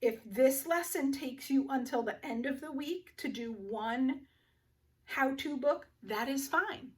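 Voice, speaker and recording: A woman teaching first grade runs a phonics lesson for young kids, sounding out words slowly with little gasps of discovery. Her voice is high-pitched, and the mic sits at a distance.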